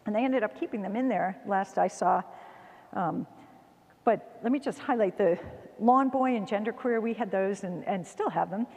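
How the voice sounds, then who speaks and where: A woman giving a conference talk in a church hall, her medium-pitched voice trailing into a long reverb. She speaks earnestly and conversationally and slips into livelier tones when she quotes others. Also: moderate pace, a little mellow.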